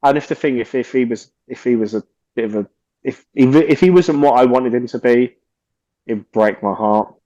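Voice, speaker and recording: A man's voice: mid-range voice, moderate pace, warm tone, no echo, highs cut off. A man, a podcast guest telling stories casually, animatedly acting out quotes and swearing freely.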